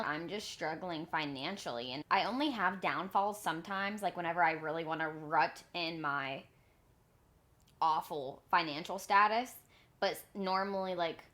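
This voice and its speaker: A woman's voice: low voice, a bit bright. A woman in her twenties co-hosting a podcast, chatting casually in a blunt, self-mocking way with plenty of swearing. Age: 20s. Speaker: podcast co-host. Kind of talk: casual chat. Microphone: remote call.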